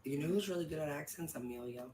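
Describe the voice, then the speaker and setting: A woman chatting to her livestream viewers in a relaxed way. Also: low voice, fast, reverberant, slight background noise. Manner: relaxed, drawls, talks to viewers as "y'all". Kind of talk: casual chat.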